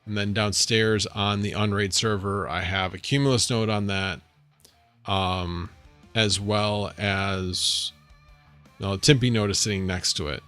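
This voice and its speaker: A man's voice: on the low side, fairly even intonation, unhurried, fairly bright tone, no room sound, soft background music. Rambling man chatting on a livestream. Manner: rambling, answering chat, thinking aloud. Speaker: livestream host. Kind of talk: casual livestream chat. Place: home.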